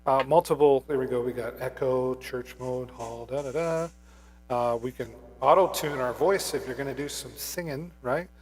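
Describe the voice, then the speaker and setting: A man's voice: mid-range voice, normal speed, a little mellow, slight background noise. A man hosting a live shopping stream on a wireless microphone, talking casually with many fillers. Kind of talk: live product demo.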